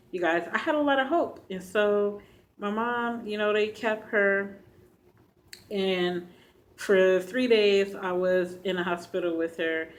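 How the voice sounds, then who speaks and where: A woman vlogger telling a personal story to her viewers, earnest and halting, speaking straight to them. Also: mid-range voice, rough recording. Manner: earnest, addresses viewers directly; halting, emotional retelling.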